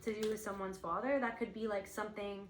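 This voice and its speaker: A woman's voice: mid-range voice, steady tone, fast talker, echoey room, a little hiss or hum, rough recording. Woman giving a rambling intuitive reading. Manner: searching, rambling, heavy use of "like". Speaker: intuitive spiritual guide.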